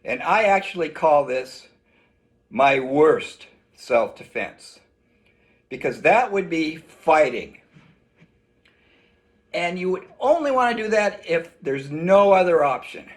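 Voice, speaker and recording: A man teaching a children's self-defense lesson in an animated way, acting out shouts for the kids. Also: fairly high pitch, slow, long pauses.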